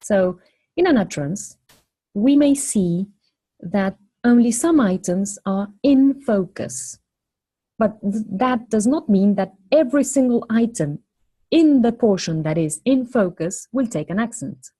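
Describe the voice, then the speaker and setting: A woman lecturing on phonology, explaining step by step in a measured way and posing questions to the class. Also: medium pitch, animated, mellow.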